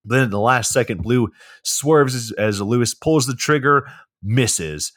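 A man's voice: medium pitch, lively intonation, measured pace, fairly bright tone, dry recording, studio quality. A man co-hosting a podcast, recapping a movie plot in a laid-back way with lots of swearing and fillers. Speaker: podcast co-host.

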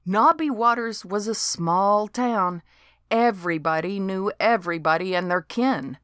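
A woman's voice: medium pitch, unhurried, a bit bright, clean tone, no echo. A woman narrating a storybook in a dry, wry delivery.

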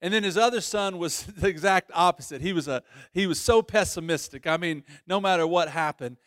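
A pastor preaching a sermon, telling a story with lively voices and frequent restarts. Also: male voice, high voice, brisk, no room sound, studio quality.

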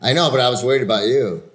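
A man's voice: medium pitch, brisk. A man in his fifties, an actor hosting a casual chat, telling stories with lots of swearing and filler words. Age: 50s. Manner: animated storytelling, heavy swearing and filler words. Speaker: actor and podcast host.

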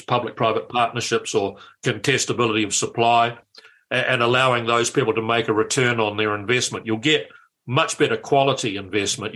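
An older man with a New Zealand accent telling political stories with gusto. His voice is bright and forceful, and he talks in lively, stop-start bursts. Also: medium pitch. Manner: animated anecdotal storytelling with restarts. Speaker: guest, former politician. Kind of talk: casual chat.

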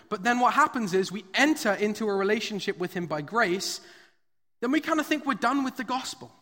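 A man preaching to a live congregation, with a high, bright voice. He tells stories casually and fills his talk with "like" and "kinda." His voice rings with the long reverb of a large hall. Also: animated, a little fast. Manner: conversational storytelling with frequent fillers. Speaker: pastor. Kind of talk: sermon. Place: church hall, live service.

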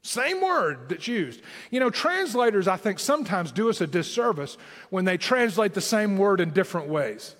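A man's voice: high-pitched, very animated, normal speed, fairly bright tone, in a large hall. A man with a Southern Tennessee accent preaching a sermon as pastor, with emphatic rising lines.

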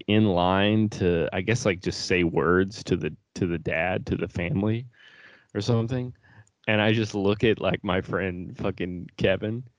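Deep-voiced young man rambling casually. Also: dry recording, lo-fi sound. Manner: rambling, laughs often, swears. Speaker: podcast co-host. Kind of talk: casual chat.

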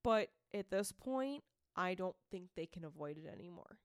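A woman's voice: fairly low pitch, animated, normal speed, no echo, clean studio sound. A woman from Massachusetts with a Boston accent, co-hosting a podcast in casual chat, chatty and laughing easily, earnest when the talk turns serious. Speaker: podcast co-host.

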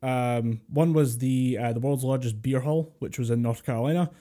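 A man's voice: mid-range voice, moderate pace, warm tone. A Scottish man co-hosting a podcast, telling jokey stories with swearing and fillers over a voice chat call. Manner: swearing, joking storyteller with many fillers. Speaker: podcast co-host. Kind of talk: casual chat. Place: home, remote voice call. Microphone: computer mic over a voice chat call.

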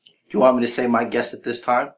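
A man's voice: mid-range voice, monotone, quick pace. A man co-hosting a casual podcast, talking in a playful, teasing way and laughing easily. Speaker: podcast co-host.

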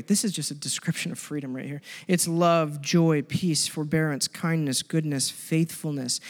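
A man preaching a sermon in a church hall, his voice sitting high for a man. He moves between loud, pleading passages and quiet, intense ones. A long reverb from the large room trails each phrase. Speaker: pastor.

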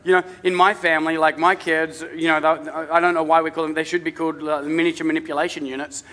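A middle-aged man preaching in a church, his voice high and bright, with a long reverb from the large hall around him. He talks to the congregation in a loose, conversational way and drops in humorous stories about his family. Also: flat delivery, fast talker. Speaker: pastor. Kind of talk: sermon.

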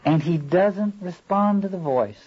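A man lecturing on a novel in a thoughtful, halting way, often stopping to read passages aloud, on a dull lo-fi recording. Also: sits high, expressive, breathy edge. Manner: thoughtful, halting, rereads quoted lines aloud. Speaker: literature lecturer.

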